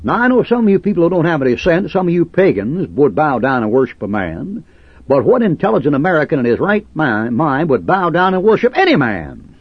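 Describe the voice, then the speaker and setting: Combative male preacher, husky and animated, on a dry, lo-fi recording. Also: a little high, a little fast, dry recording. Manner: combative, sarcastic, preaching in old King James cadence. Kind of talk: fiery fundamentalist sermon.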